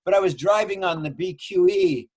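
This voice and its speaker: Older guy in his 60s rambling thru stories, curses a lot, slightly high voice. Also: moderate pace, a little mellow. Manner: rambling, swears a lot, frequent restarts. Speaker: guest filmmaker. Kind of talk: casual storytelling chat. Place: his home.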